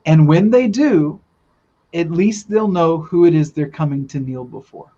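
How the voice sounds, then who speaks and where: An earnest man tells a spiritual story in loose, rambling podcast talk, often restarting his sentences. His voice sits a bit high for a man. The recording is dull and lo-fi. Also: a little slow, warm tone. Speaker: guest telling a spiritual vision. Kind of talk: casual storytelling in a podcast chat. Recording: dull lo-fi sound.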